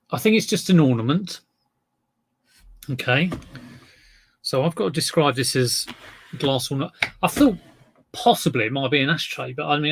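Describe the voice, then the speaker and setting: A man's voice: medium pitch, gravelly, a bit bright. A middle-aged man chatting casually on a live stream as an eBay reseller, rambling and greeting viewers by name.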